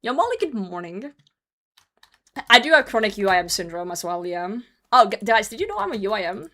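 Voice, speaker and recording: A woman's voice: medium pitch, sing-song, fairly quick, pushed and bright. Laughing, sweary woman streamer. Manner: swearing, laughing, teasing chat. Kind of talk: casual livestream chat while gaming.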